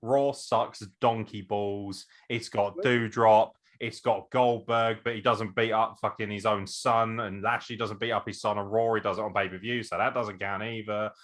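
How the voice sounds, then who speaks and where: A man co-hosting a wrestling podcast, talking in a sweary, excitable way and laughing often. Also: fairly low pitch, normal speed, hardly any pauses. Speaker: podcast co-host. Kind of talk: casual chat.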